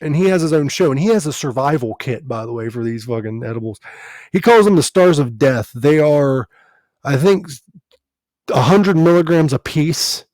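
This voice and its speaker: A man's voice: fairly high pitch, animated, normal speed, darkish tone, no echo. A man who hosts a podcast and does comedy, chatting casually, swearing freely and laughing often. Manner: profane, laughs often, tells stories animatedly. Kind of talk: casual chat.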